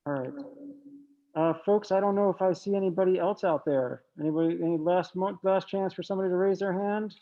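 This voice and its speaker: Guy running a school board call, kinda high voice, dull lo-fi audio. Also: a little fast. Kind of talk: chairing an online meeting.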